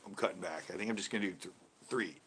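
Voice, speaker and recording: A man hosts a relaxed live stream from his home, answering viewers as they drop in. His voice is bright and forceful, and he laughs freely between his chatty remarks. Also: sits low, fast talker, slight background noise. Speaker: host of a live after-show stream.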